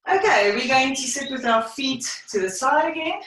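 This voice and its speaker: A woman's voice: high-pitched, big pitch swings, moderate pace, a bit bright, slight background noise. A woman pilates instructor teaching a live online class, cueing breaths and counting reps in short phrases, a little out of breath. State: slightly out of breath. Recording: very echoey room, voice far from mic.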